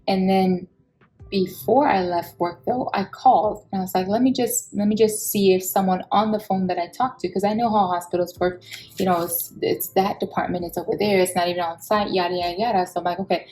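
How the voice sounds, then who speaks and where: A woman, telling a personal story in an expressive, heated vlog style and acting out the people she quotes. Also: mid-range voice, low-quality recording.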